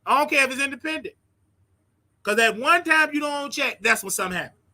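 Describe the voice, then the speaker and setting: Blunt high-voiced man ranting advice. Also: lively intonation, a little fast, sharp tone. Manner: blunt, preachy, repeats his points for emphasis. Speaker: show host. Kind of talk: casual advice rant.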